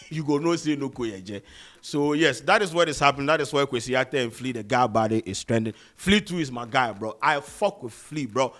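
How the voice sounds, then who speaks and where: A young man with a Ghanaian accent giving casual commentary to camera, animated and slipping into pidgin and slang. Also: mid-range voice, a little fast, few pauses. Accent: Ghanaian, Pidgin-inflected. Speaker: vlogger.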